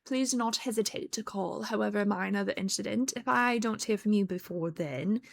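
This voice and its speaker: Stiff posh british doctor guy, a lady putting him on, polite and measured, bit of gravel. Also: medium pitch. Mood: formal. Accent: put-on British. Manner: formal, courteous, measured. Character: proper older male British doctor writing a letter.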